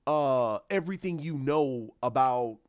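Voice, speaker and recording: A man's voice: medium pitch, expressive, unhurried, darkish tone, clean tone, no echo, dull audio, lightly acted. A man voicing a scheming old male emperor who is commanding but easily rattled. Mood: imperious.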